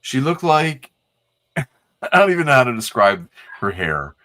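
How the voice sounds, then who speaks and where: A man's voice: mid-range voice, big pitch swings, a little slow, pushed and bright. A man co-hosting a comics livestream in casual chat, rambling and searching for words. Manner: rambling, hesitant, fillers. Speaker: livestream co-host.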